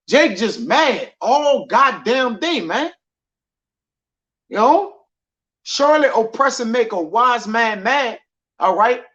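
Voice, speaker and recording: A man's voice: very high voice, a bit bright. Man, preacher, casual scripture teaching, repeats "man" and "all right", muffled lo-fi audio. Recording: dull lo-fi audio.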